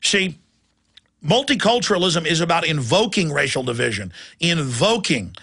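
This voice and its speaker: A man's voice: a little high, very animated, moderate pace, vocal fry, bright, forceful tone, slightly rough. A man hosting a talk radio show, delivering an emphatic, ranting monologue.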